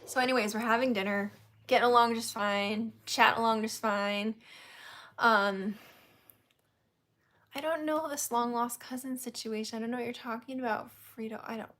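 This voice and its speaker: A woman's voice: on the high side, steady tone, normal speed, a bit bright. A woman hosting a casual chat, telling a story candidly and laughing often. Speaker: host.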